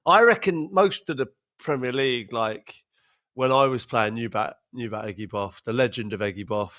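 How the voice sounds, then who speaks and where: A man's voice: medium pitch, brisk, a bit bright. Laughing man telling football stories. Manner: laughs through his stories, repeats words, acts out quotes. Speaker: podcast host, former footballer. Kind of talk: casual anecdote telling.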